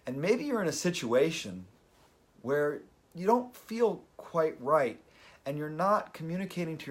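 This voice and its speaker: A man hosting a daily live video, talking earnestly and openly emotional as he gives motivational advice. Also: mid-range voice. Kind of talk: motivational live-stream talk.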